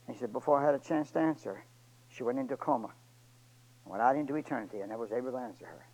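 A man preaching a sermon and retelling a story, pleading with his church and swinging between loud and hushed delivery. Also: mid-range voice, fast, rough recording.

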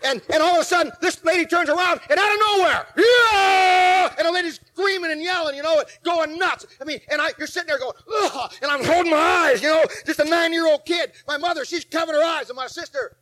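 Forties male pastor, high and bright, acts out his stories between loud bursts and quiet asides. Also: fast, few pauses. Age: 40s. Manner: animated storytelling, acting out scenes, swinging from shouts to low asides. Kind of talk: sermon.

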